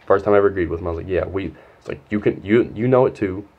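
A man's voice: low-pitched, rapid-fire, narrow, tinny audio. A young man telling a heated, profane story in a casual storytime. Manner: profane, rambling, heated retelling.

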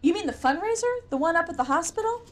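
A woman's voice: very high-pitched, lively intonation, quick pace, pitched above the performer's own voice. A woman voicing a male prison inmate calling anxiously through the bars in an audiobook. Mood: alarmed.

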